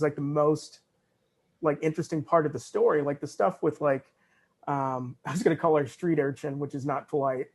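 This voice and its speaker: Brief: male podcast guest, slightly higher voice, rambling and hesitant, swears casually. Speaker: guest writer.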